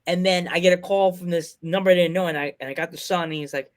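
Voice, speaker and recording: A man hosting a podcast, telling rambling, excitable stories in casual chat. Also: high-pitched, quick pace. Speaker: podcast host.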